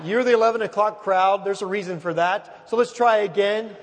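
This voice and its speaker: A man preaching from the pulpit with a high, carrying voice. He is emphatic, rising to loud calls and then dropping to a hush. The long reverb of a large church hangs behind him. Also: steady tone, fairly quick, a little hiss or hum. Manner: emphatic, swings from loud to hushed. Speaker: pastor. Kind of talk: sermon.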